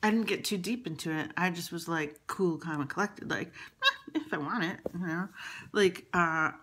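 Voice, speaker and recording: A woman's voice: fairly low pitch, normal speed, fairly bright tone, a little hiss or hum. A woman telling a rambling personal story, exasperated and swearing, with frequent restarts. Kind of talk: casual personal monologue.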